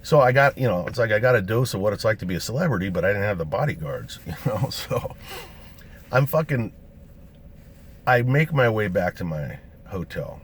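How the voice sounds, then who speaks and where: Deep-voiced man telling a profane story. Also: normal speed, slight background noise. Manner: profane, swears constantly; animated, acts out quotes of other people. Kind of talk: casual true-story storytelling.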